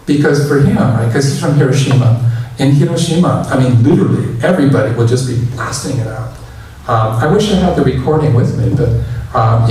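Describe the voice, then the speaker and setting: A man giving a casual dharma talk as a temple minister, leading the congregation in loud chanting. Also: medium pitch, slight background noise. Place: large temple hall. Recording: echoey hall, mic at a distance.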